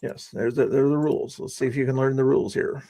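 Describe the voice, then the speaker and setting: A man's voice: mid-range voice, fairly even intonation, fast, warm tone, dry recording. A man hosting a casual livestream, rambling and teasing his guests and chat with sarcastic inflection. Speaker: livestream host.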